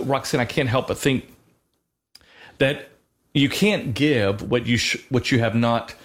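A middle-aged man co-hosting a Christian talk show, speaking earnestly and haltingly, with frequent fillers and restarts as he teaches and shares a personal story. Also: medium pitch. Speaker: co-host of a Christian radio show. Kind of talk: conversational religious teaching.

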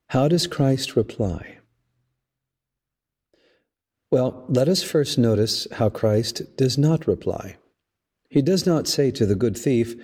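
A man, a priest hosting a podcast, giving a measured, storytelling homily. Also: mid-range voice, lively intonation, darkish tone, slightly rough. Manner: slow, measured, storytelling delivery. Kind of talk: reflective spoken homily.

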